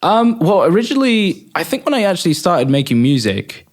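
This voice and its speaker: A man's voice: high-pitched, fairly quick. Young English man, easygoing and rambling. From England. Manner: relaxed, rambling, frequent fillers and laughs. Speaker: guest music producer. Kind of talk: casual interview.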